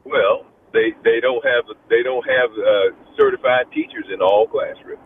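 Retired teacher calling in on a phone line. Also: male voice, medium pitch, distant mic. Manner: earnest, halting when pressed. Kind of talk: call-in radio talk. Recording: tinny phone line with noise.

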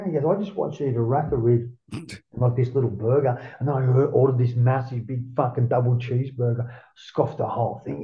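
A man's voice: medium pitch, fast. A man in his forties with an Australian accent telling stories in a casual interview, swearing freely and acting out his own past words. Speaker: interview guest. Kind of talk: casual storytelling. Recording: roomy, dull lo-fi sound.

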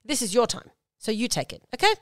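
A woman's voice: a little high, very animated, fast, no echo, studio quality. Emphatic woman, slightly nasal. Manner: emphatic, repeats points and asks "okay?". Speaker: podcast host. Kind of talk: casual advice podcast.

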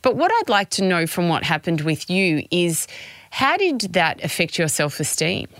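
A woman's voice: lowish voice, very animated, normal speed, fairly bright tone, dry recording, clean studio sound. A woman hosting a podcast interview, asking questions and sharing her own stories with empathy. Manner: empathetic, asks probing questions. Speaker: podcast host.

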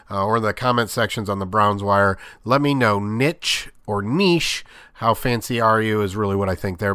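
A man's voice: mid-range voice, fairly bright tone, clear, resonant tone, no echo, studio quality. Rambling, filler-heavy male sports host. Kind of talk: casual sports commentary monologue.

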